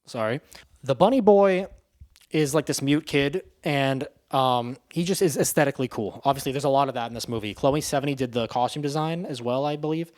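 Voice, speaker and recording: Man doing an offhand, foul-mouthed spoken movie review, rambling, mid-pitched. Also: fairly quick, a little mellow. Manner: rambling, profane, loose and offhand.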